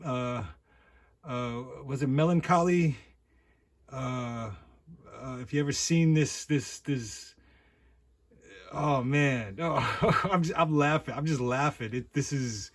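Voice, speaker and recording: A man talking straight to camera in a loose, casual monologue. He rambles, stumbles over repeated words and laughs often. His pitch is in the middle of the usual range for a man. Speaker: vlogger.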